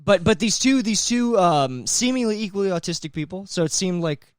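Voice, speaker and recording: A man co-hosting a comedy podcast, rambling through animated stories with laughing asides. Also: sits high, fairly quick, clear, resonant tone, no room sound, clean studio sound. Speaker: podcast co-host. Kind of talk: casual comedy podcast chat.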